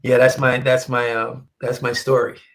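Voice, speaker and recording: Heard over poor audio, a man with a medium-pitched voice, a comic book artist, tells a story in an easygoing interview. He's animated, performing others' words, and he halts and repeats phrases when the moment gets to him.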